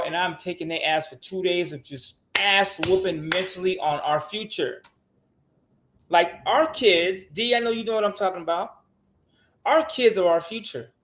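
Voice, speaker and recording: An older man, a show regular, giving blunt money advice in casual podcast talk and swearing freely. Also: sits high.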